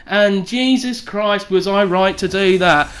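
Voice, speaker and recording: A young woman telling a crude comic story as a vlogger, swearing freely and acting out quotes loudly. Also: medium pitch, measured pace.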